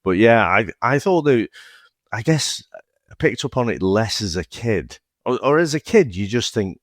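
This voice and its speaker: A man's voice: medium pitch, animated, normal speed, dry recording, studio quality. A man, casually reviewing a film as podcast co-host, swearing and laughing as he talks. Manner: swears freely, laughs often, restarts words.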